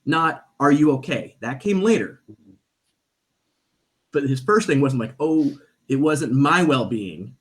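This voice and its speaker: Animated man telling a story. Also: on the high side, slow pace, pauses often. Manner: animated, acts out quoted voices. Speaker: podcast guest; stage performer. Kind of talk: casual storytelling.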